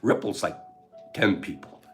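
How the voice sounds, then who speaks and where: A man's voice: a little slow, faint music behind. An older man hosting a casual livestream, emotional and heartfelt, laughing often as he chats with viewers. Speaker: livestream host.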